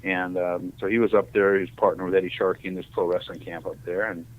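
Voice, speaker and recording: A lower-voiced middle-aged man from Ohio rambles through his stories as a podcast guest, jumping into the voices of the people in them. His voice comes through thin and tinny, like a phone line. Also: fast talker. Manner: rambling, animated, acts out quoted dialogue. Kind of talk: casual storytelling.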